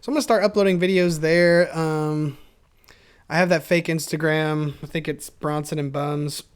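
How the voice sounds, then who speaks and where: A man's voice: fairly high pitch, steady tone, moderate pace, clean tone. Rambling, self-mocking young man. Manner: chatty, self-mocking, laughs often. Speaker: solo podcast host. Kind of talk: rambling casual monologue. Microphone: camera mic.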